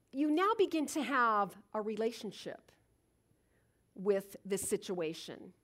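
Lively slow-talking woman spiritual speaker. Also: fairly high pitch. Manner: animated storytelling, acts out moments. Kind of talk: reflective spiritual talk.

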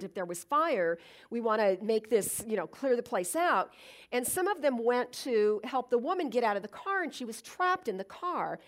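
A middle-aged woman speaks in an earnest, reflective way, as if sharing a lesson with an audience. Her voice sits a little high and moves through a wide, lively range. She pauses with fillers and restarts her sentences as she thinks. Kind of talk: inspirational talk.

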